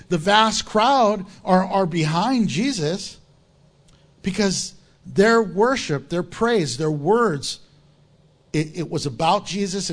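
A male pastor preaching a sermon, reading scripture aloud and acting out crowd voices in an animated way. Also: high voice.

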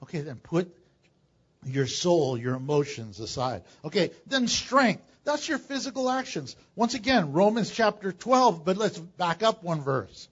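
An older man preaching a sermon as pastor, animated and joking, with sudden loud bursts. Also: sits high, unhurried, slightly rough, dull audio. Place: church.

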